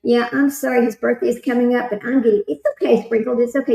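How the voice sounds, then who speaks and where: A chatty woman talks casually to her stream audience, wandering from one thought to the next. Her voice sits a little higher than most. The room around her has a noticeable echo. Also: steady tone, fast, vocal fry, mellow. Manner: rambling, chatty, reads chat comments aloud. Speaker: livestream host commenting on a trial. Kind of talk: casual chat with live chat readers.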